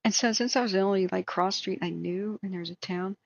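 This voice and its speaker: A woman's voice: mid-range voice, quick pace, vocal fry, no room sound, highs cut off. A woman host on a live stream, telling a long self-deprecating story in a rambling way with many fillers. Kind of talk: casual storytelling.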